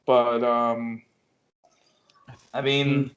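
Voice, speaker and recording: A man's voice: mid-range voice, little pitch movement, very slow. Guy on a chat show, kinda unsure, hedges a lot, muffled sound. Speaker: podcast co-host. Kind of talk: casual chat. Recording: dull lo-fi audio.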